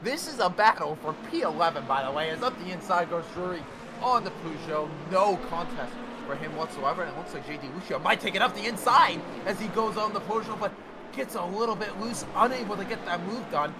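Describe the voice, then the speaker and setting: A man calls a racing game event in a high, energetic voice, jumping into excited bursts as the action unfolds. His commentary sits over a noisy stream mix with clear engine sound from the game running behind him. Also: brisk. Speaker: race commentator.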